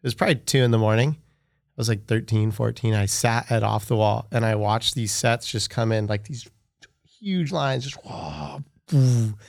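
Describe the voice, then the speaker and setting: A man hosting a podcast, telling a story with excitement in casual chat, full of "like". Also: medium pitch, moderate pace, creaky, no echo, studio quality. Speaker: podcast host.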